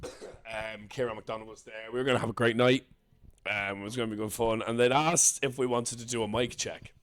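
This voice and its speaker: A young man, a podcast co-host and comedian, joking and swearing in quick casual banter. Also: mid-range voice, fairly even intonation, a bit bright. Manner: jokey, swears a lot, quick asides.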